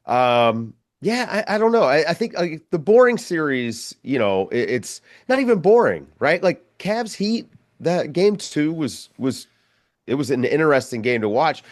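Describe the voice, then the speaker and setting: A man's voice: fairly high pitch, very animated, measured pace, no room sound, studio quality. A man co-hosting a sports podcast, talking in a laid-back, hesitant way with lots of fillers. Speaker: podcast co-host. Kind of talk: casual sports chat.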